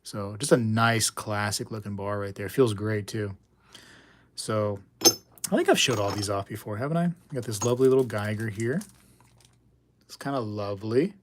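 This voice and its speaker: A man's voice: lowish voice, normal speed, a little hiss or hum. A man hosting a coin livestream, rambling and joking with viewers in casual chat. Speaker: coin channel host.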